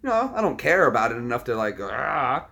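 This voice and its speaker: A man hosting a casual live stream, calmly lecturing and brushing off trolls. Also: medium pitch, rapid-fire. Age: adult, military background. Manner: calm, lecturing, dismissive of trolls. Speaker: livestream host.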